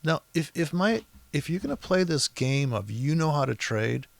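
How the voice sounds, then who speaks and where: A man's voice: a little high, big pitch swings, normal speed, creaky, no echo. A man walking through a trading chart in a profane, exasperated, rambling rant. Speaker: trading educator. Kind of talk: profane ranting chart walkthrough.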